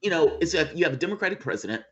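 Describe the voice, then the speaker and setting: A man's voice: fairly high pitch, animated, racing, fairly bright tone. A man as guest in a casual political chat over a video call, emphatic and profane.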